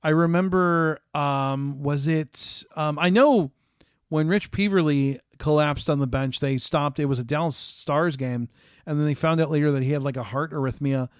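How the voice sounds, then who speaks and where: A man's voice: on the high side, normal speed, clean tone, dry recording, studio quality. An American man hosting a casual stream, chatting with viewers in a rambling way with frequent ums and restarts. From United States.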